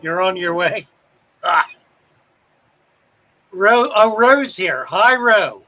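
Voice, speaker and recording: A man's voice: high voice, animated, very slow, sharp tone, rough recording. A man from South Carolina, hosting a live fish-keeping stream and chatting as he reads out viewer comments. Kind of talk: casual live-stream chat reading comments.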